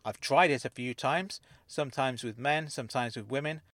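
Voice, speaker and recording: A man voicing a calm woman claiming to be alien. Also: mid-range voice, no room sound, lightly acted. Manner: measured and unruffled. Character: calm, composed woman who says she is not human. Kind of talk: audiobook character voice.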